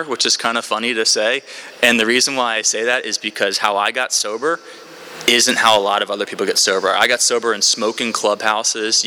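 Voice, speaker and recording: A man's voice: fairly low pitch, pushed and bright, slight background noise. A man speaking at a recovery meeting, sharing his story in a candid, rambling way with many fillers. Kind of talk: candid personal share.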